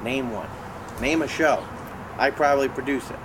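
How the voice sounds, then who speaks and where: Guy bragging and scolding, dry deadpan comedy, cars going by outside. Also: medium pitch, moderate pace, heavy background noise. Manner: boastful, exasperated, deadpan. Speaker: show regular talking with puppets. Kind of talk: comedic improvised banter.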